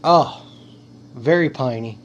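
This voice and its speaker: Slow-talking beer reviewer man. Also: mid-range voice, dull audio, slight background noise. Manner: playful, theatrical, savoring each sip aloud. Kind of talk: casual beer tasting review.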